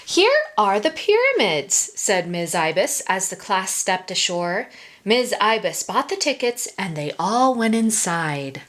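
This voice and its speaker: A woman teacher reading picture books aloud to children in a slow, expressive storytelling way. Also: mid-range voice. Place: home or classroom, online video.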